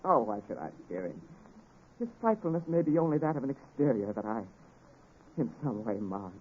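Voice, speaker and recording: A man playing an obsessed, grandiose young scientist in a 1930s radio drama, with theatrical swings from hushed to exultant delivery. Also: mid-range voice, big pitch swings, normal speed, lightly acted. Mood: shaken. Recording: tinny old radio recording with hiss.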